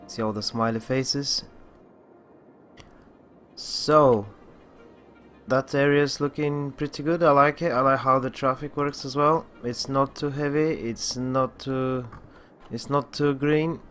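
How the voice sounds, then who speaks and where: A gaming channel host plays a city-building game and offers casual commentary in a groggy, morning-sounding voice. He speaks slowly, frequently restarting sentences, with a mid-range pitch and a slightly bright tone.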